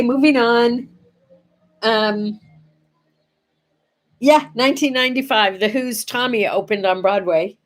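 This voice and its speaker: Older lady chatting slow to camera, morning show host, goes soft and quiet on sad bits. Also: mid-range voice. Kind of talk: casual morning chat to camera.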